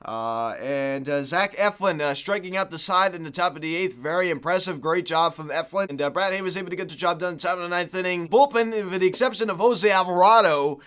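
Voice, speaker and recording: A man's voice: sits high, a little fast, hardly any pauses, a bit bright, smooth. Exasperated man ranting about his team. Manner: frustrated, exasperated, rambling with many fillers. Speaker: podcast host. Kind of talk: solo sports recap rant.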